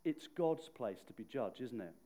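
A man's voice: medium pitch, animated, moderate pace, warm tone. A man preaching a sermon in a conversational way, often asking the listeners questions. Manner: conversational, asks the audience questions.

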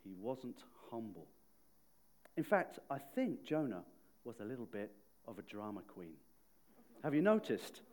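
A man's voice: medium pitch, big pitch swings, a little slow, long pauses, a little mellow. A man preaching a sermon in a conversational way, often asking the listeners questions. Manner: conversational, asks the audience questions.

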